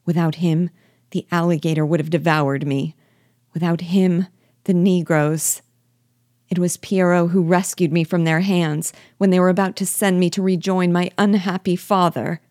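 A woman's voice: on the low side, steady tone, moderate pace, darkish tone, no echo, clean studio sound, close to an everyday voice. A woman reading aloud voices a young bride, raising her voice into breathless, emotional exclamations. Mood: fervent.

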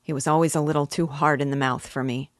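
A woman reading aloud and voicing a proud, anxious young gentleman who speaks hastily and bitterly. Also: low-pitched, steady tone, fast talker, no echo, studio quality, natural voice. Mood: agitated. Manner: hasty, bitter.

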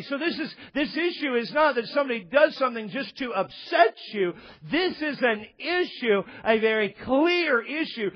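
A man, a pastor preaching a conversational sermon with humor and stammered restarts. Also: extremely high pitch. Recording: dull, lo-fi sermon recording.

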